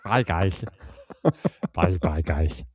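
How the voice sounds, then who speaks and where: A man's voice: low voice, very slow, no echo, studio quality, heavily acted. A man doing a bumbling, unthreatening Batman. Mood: silly. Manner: gruff voice drifting into a chirpy mock accent. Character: bumbling, unthreatening male Batman with a slipping gravelly voice.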